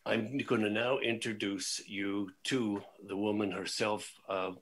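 A man emceeing an online event, speaking in a halting way with many filler pauses. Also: lowish voice, little pitch movement, fairly bright tone. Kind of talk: event introduction. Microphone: video call.

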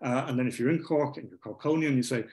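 A man speaking at an academic symposium. He pauses often with fillers and lets his voice sink at the close of each point. The pitch sits at an ordinary male level. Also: a little mellow. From Ireland. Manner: halting, many fillers, trailing off at phrase ends. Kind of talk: academic talk.

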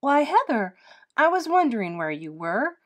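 A bubbly, dreamy mother from a read-aloud storybook, played by a woman. She coaxes her children brightly and gushes with excitement, sounding upbeat and persuasive. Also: high voice, moderate pace, pitched above the performer's own voice, exaggerated voice. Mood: cheerful coaxing. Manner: bright and coaxing. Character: enthusiastic, dreamy artist mother.

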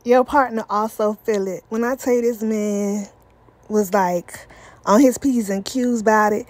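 A woman's voice: medium pitch, fairly even intonation, a little slow. A young woman, vlogging an emotional personal testimony with repeated emphasis and talk straight to viewers. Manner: repetitive emphatic phrasing, addresses viewers as y'all.

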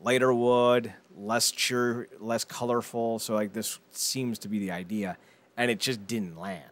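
A man's voice: medium pitch, steady tone, measured pace. A man co-hosting a casual gaming podcast, rambling with restarts and breaking into profane comic rants. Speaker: podcast co-host.

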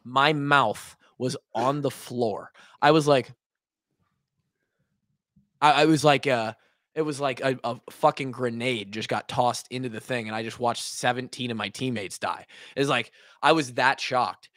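A young man from Iowa, a former player co-hosting a podcast, tells a story in a lively, swearing, casual way and acts out the quotes. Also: medium pitch, a little slow, dry recording, clean studio sound.

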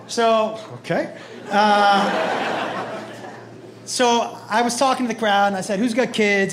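A male stand-up comedian telling animated, crude stories on a club stage into a handheld mic. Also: high voice. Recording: echoey comedy club with loud crowd.

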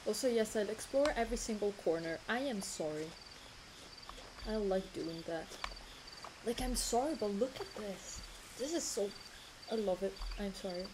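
A young woman streams a game with effusive, casual let's-play commentary, apologizing often, swearing casually, and sometimes eating. Her mid-range voice is expressive at a moderate pace with frequent pauses. She uses a desk mic, and game music plays behind her in a noisy background.

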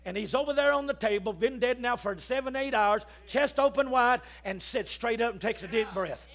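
A man preaching a sermon, telling stories and rising to shouts as he calls the congregation to respond. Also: very high-pitched, moderate pace. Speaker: pastor. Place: church.

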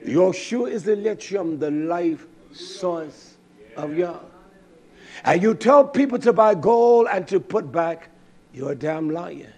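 A man preaching a fiery sermon with impassioned swings from shouting to hushed tones. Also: high-pitched, breathy edge.

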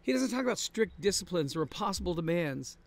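A man with a fairly high voice preaches to his congregation. He talks in an earnest, conversational way and leans on repetition to make his points land. His tone stays steady and plain throughout the sermon. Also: a little fast, vocal fry. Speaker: pastor. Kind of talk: sermon-style Bible study. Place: traveling, on the road.

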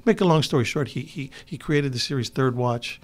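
This older guest actor from Chicago speaks fairly quickly at a medium pitch. In a relaxed interview he drifts through long anecdotes, restarting them repeatedly.

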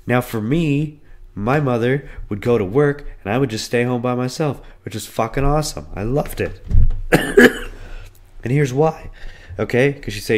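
A man in his twenties hosting a solo podcast, hoarse from being sick, telling a rambling, profane story. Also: moderate pace. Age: 20s. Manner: voice cracks and breaks on high notes. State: hoarse, losing his voice from illness. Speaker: podcast host. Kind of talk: casual solo podcast monologue.

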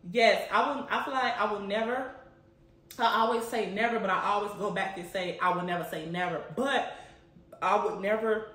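With a steady, medium-pitched voice at a moderate pace and a slightly bright tone, a young woman from Chicago casually fields viewer questions on camera. She's chatty, laughs often, says "you know what I'm saying," and the room is echoey.

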